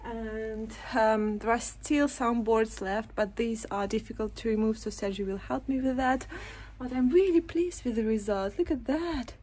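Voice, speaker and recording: A woman's voice: a little high, moderate pace, a little mellow. A woman vlogging as she renovates an old house, talking casually, nervous and breathless, gasping and laughing between lines. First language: Russian. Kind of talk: casual vlog chat. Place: inside an old empty house.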